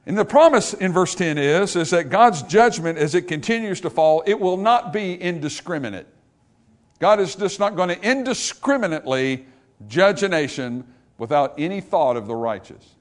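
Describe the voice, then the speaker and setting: A man's voice: high-pitched, animated, moderate pace. Man preaching with rising emphasis. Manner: builds to loud emphatic repetition, asks the congregation questions. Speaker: pastor. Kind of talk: sermon.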